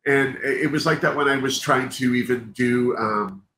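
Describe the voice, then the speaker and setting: At a moderate pace, a man with a mid-range voice and sharp tone hosts a livestream. He rambles, interrupts himself, and restarts sentences often, chatting casually, candidly and with open emotion. Faint background noise sits in an echoey room.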